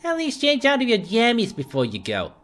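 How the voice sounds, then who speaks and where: Brief: a man putting on a high, worried video game mom with an odd put-on accent, very lively. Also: moderate pace, full character voice. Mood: fussing. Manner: high, fretting, motherly.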